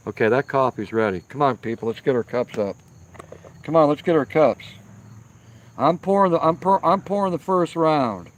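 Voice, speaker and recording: A man's voice: a little high, animated, normal speed. A man chatting casually with his live-stream viewers from outdoors by a firepit, emphatic and repeating himself for stress. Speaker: live-stream host reading viewer comments.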